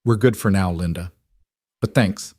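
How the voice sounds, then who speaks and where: A man voicing a protective single father who speaks calmly and firmly. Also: low-pitched, a little slow, breathy edge, dry recording, studio quality. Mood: steady. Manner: calm, firm.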